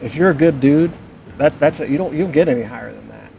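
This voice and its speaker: Earnest man with a gravelly voice. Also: fairly high pitch, quick pace, mellow, dull audio, slight background noise. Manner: earnest, repetitive. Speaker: podcast co-host. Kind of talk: casual storytelling chat.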